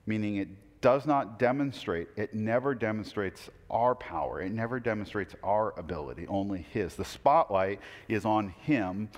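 A man's voice: on the low side, animated, normal speed, few pauses. A man preaching a conversational sermon, casual and wry, with asides and self-corrections. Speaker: preacher teaching a Bible class. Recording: reverberant hall.

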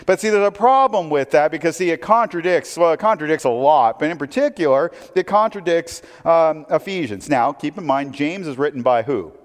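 Guy preaching a sermon, lively up-and-down voice, tosses questions at the crowd, big reverby hall. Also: on the high side, a little fast, hardly any pauses. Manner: conversational preaching with rhetorical questions. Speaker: pastor.

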